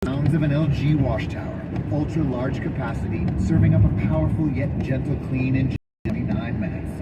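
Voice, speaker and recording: A man's voice: medium pitch, recorded from a distance, rough recording. A man reading a radio commercial in an upbeat, punchy way. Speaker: commercial announcer. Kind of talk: scripted ad read. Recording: car radio heard from across the car.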